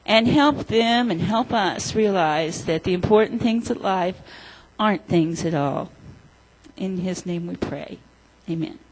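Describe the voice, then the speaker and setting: Husky woman telling children a story. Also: lowish voice, unhurried, poor audio. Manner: gentle, asks children questions. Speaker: children's sermon leader.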